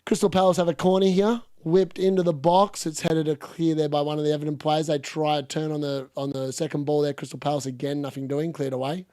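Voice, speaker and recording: A man with an Australian-tinged English accent doing live watch-along commentary on football, chatty and blunt, swearing casually and reacting loudly to chances. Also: a little high, little pitch movement, a little fast, hardly any pauses, dry recording, clean studio sound. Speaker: fantasy football streamer.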